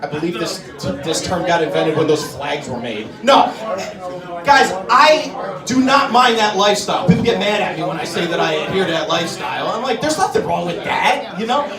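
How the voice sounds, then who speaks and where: A man performing stand-up, his voice high and swooping as he talks to the crowd. He is picked up from afar in an echoey club. Loud audience noise fills the room. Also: normal speed. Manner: animated, addresses the crowd directly. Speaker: stand-up comedian. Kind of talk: live stand-up comedy. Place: comedy club. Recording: roomy club, distant mic, crowd laughter.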